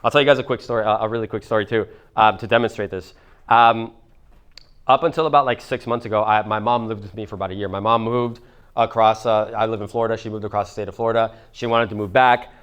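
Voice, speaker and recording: A man's voice: fairly low pitch, fairly even intonation, quick pace, fairly bright tone, clean tone. A man in his twenties telling a story at a seminar, casual and rambling, swearing now and then. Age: 20s. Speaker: motivational speaker.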